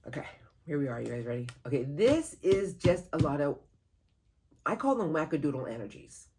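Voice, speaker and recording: A tarot reader giving a monthly reading to camera, earnest and encouraging, who speaks aloud to spirit guides and breaks into sudden excited, louder bursts. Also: moderate pace, slight background noise. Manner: animated, sudden jumps in pitch and loudness, laughs at the cards.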